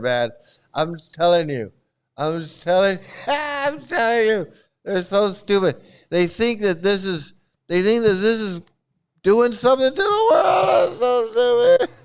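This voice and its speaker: Brief: male streamer, slightly high, very smooth voice; scornful, swears, laughs a lot. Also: lively intonation, measured pace. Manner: mocking, profane, laughs often. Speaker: online streamer criticizing a cult. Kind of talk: casual reaction livestream.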